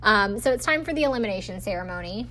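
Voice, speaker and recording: A woman's voice: medium pitch, animated, fast, fairly bright tone, slight background noise. Woman, podcast host, casual recap, snarky, chatty, acts out quotes. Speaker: podcast host recapping a reality dating show.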